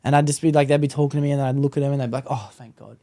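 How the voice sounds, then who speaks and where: A man hosting a podcast, talking in a relaxed, slangy, reflective way. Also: fairly high pitch, racing. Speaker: podcast host. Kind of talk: casual chat.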